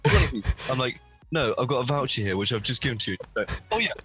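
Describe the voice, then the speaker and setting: Young male podcast co-host, husky voice, animated, light music under it. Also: fast talker, low-quality recording. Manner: animated storyteller, jumps high when acting out quotes. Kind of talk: casual chat.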